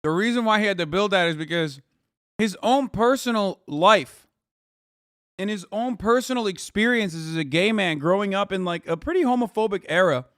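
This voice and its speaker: A man's voice: high-pitched, expressive, moderate pace, fairly bright tone, dry recording, clean studio sound. A man streaming, reacting to a clip with blunt, profane, combative commentary. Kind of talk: casual heated commentary.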